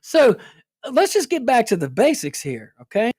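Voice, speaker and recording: Animated sarcastic woman. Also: a little high, moderate pace, husky, dry recording, clean studio sound. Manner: animated, sarcastic, rhetorical questions. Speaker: political talk show host. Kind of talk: casual political commentary.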